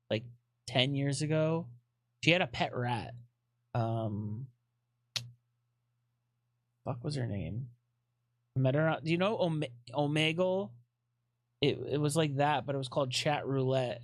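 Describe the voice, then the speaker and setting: A man's voice: medium pitch, dry recording. A man chatting casually on a live stream, rambling with lots of fillers, swearing often and fidgeting restlessly.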